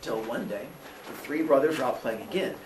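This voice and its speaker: A man's voice: medium pitch, fairly quick, background noise. A man teaching a class, telling a story in a playful, joking and dramatic way. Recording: echoey classroom from far off.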